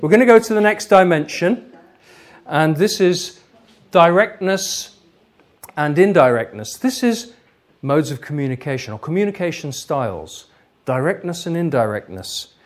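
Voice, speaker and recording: A man giving an interactive workshop lecture, explaining ideas in a lively way. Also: fairly high pitch, normal speed. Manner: lively, explanatory, laughs easily. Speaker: lecturer, trainer.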